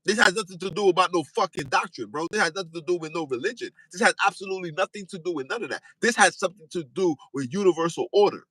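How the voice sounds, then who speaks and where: A man's voice: high-pitched, expressive, fast talker, few pauses, slightly rough, no room sound, low-quality recording. Fiery, insistent man with a raised voice. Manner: repetitive, insistent, rising to shouts. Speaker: podcast host. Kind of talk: fiery monologue preaching.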